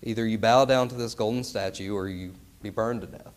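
A man's voice: on the low side, fairly even intonation, brisk. A man preaching a sermon in an earnest, emphatic way, often turning to his listeners with rhetorical questions.

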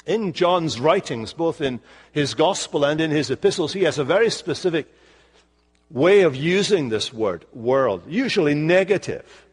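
An older man with a Scottish accent preaches a sermon. His voice rides up and down with lively swings, and he slows right down to stress his point. A long reverb from the church sanctuary trails each phrase. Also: on the high side, slightly rough. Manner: expressive preaching, slowing for emphasis. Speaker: pastor.

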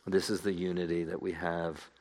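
A man's voice: low voice, little pitch movement, normal speed, darkish tone, slight background noise. A man preaching a sermon, earnest and building to fervent appeals to his listeners.

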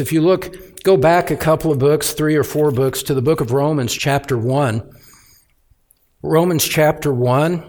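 A man preaching an expository sermon as pastor, speaking deliberately and with emphatic repetition. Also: a little high.

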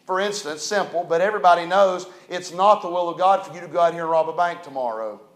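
A male pastor preaching a sermon, moving from quiet storytelling to loud, emphatic rises. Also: high-pitched, fast. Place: church hall. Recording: echoey church room.

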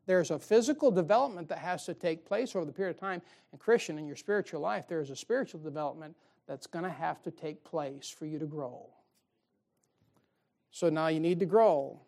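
A man's voice: a little high, quick pace, creaky, a little mellow. A man preaching an evening sermon in a folksy, joking way, chuckling often and asking the congregation rhetorical questions.

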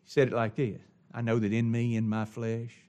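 A male pastor delivering a sermon, swinging between loud, ringing exclamations and quiet, hushed asides. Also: mid-range voice, monotone, moderate pace. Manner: preaching with sweeping swings from loud exclamation to hushed near-whisper.

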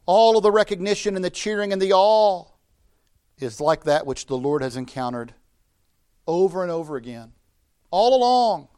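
A middle-aged pastor with a fairly high voice preaches from the pulpit. He builds to emphatic, ringing declarations, then lets his phrases sink low and quiet. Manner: rising to emphatic preaching, dropping low and soft at phrase ends. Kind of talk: sermon.

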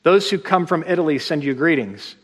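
A man with a high voice preaches to his congregation in a plain, conversational way. He stresses key words by slowing down, and his voice carries a long reverb from the hall. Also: animated, husky. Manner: plain-spoken, emphatic, slows down to stress points. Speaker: pastor. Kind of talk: conversational sermon. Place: church sanctuary.

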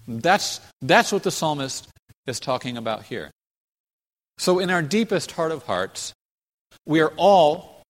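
A man's voice: mid-range voice, big-room sound. A man preaching a sermon earnestly, often restarting and repeating phrases as he builds emphasis. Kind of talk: sermon teaching.

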